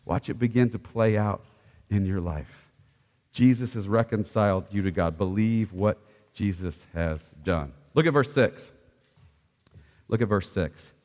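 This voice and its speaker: A man preaching a sermon, swinging between loud, ringing declarations and hushed, soft passages. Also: fairly low pitch, measured pace, long reverb tail. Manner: impassioned preaching, swelling loud then dropping soft. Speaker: pastor.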